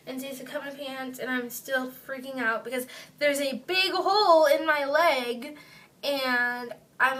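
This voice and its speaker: A woman's voice: high voice, a little slow, bright, forceful tone. A young woman sitting at home, telling a story to her camera in a loose, rambling way full of fillers. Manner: rambling, filler-heavy retelling. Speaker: vlogger. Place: indoors at home, seated on a chair. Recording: distant mic, faint room hiss.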